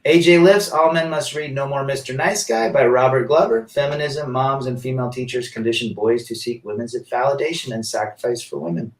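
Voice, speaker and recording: A man's voice: medium pitch, fairly quick, hardly any pauses, far from the mic. A man hosting a casual live stream, reading viewer comments aloud and answering them emphatically, often with rhetorical questions. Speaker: livestream host reading chat. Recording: roomy echo, set back from the mic.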